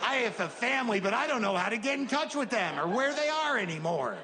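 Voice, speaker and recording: A man's voice: extremely high pitch, expressive, fairly quick, sharp tone, a faint crowd, pitched above the performer's own voice, heavily acted. A man voicing a confused old man who has lost his phone and cries out in a strained, pleading way. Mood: bewildered. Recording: live hall reverb with audience.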